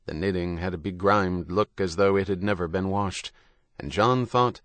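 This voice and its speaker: Low-voiced male audiobook narrator. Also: moderate pace, a bit bright, no echo.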